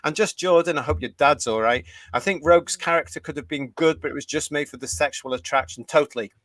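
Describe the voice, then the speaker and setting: A man's voice: on the high side, fast, fairly bright tone, no echo. An older British man hosting a live stream, indignantly reading out chat comments. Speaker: host.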